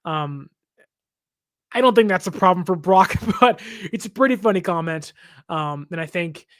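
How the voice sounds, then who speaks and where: A man's voice: high-pitched, lively intonation, moderate pace, fairly bright tone, no room sound. A young adult man hosting a sports podcast, talking casually in a chatty way, laughing often and acting out fans' complaints. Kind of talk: casual reaction commentary.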